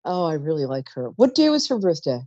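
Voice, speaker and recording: Psychic call-in host, woman, rambling and chatty, lively swooping voice, mellow tone, dry dull recording. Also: deep voice, brisk, no echo. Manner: chatty, warm-toned asides, trails off mid-sentence. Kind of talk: live call-in psychic reading.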